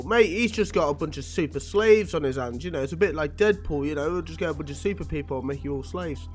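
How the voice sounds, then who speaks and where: Man reading a comic with sweary, joking asides; slightly higher voice. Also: quick pace, hardly any pauses, soft background music. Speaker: comic book reader. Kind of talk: casual comic reading with commentary.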